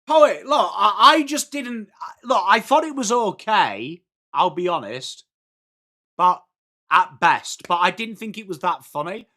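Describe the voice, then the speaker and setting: A young English man hosting a live football watchalong, chatting excitably with viewers and calling out plays. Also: high-pitched, measured pace. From England. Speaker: watchalong stream host.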